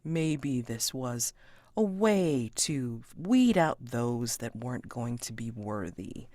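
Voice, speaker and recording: Woman playing a slow, smug scheming prince. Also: extremely low pitch, big pitch swings, mellow, no room sound, voice pushed down, full character voice. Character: scheming, haughty adult prince.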